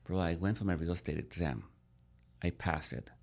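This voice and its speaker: A man's voice: low-pitched, normal speed, vocal fry, darkish tone. A middle-aged man, a podcast guest, telling his life story casually and animatedly, calling the host "bro".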